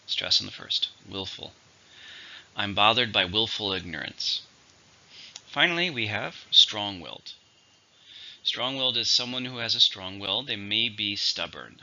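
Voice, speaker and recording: A man teaching English vocabulary in a slow, clear scripted lesson, repeating each word for learners. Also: on the low side, animated, pushed and bright, highs cut off.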